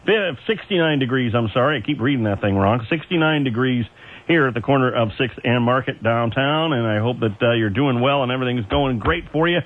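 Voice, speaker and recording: A man's voice: mid-range voice, fast, few pauses. A man working as an overnight radio DJ, chatting in a folksy way with chuckles and asides between oldies. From Ohio. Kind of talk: casual on-air oldies patter. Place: radio studio. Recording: tinny AM radio aircheck with faint music.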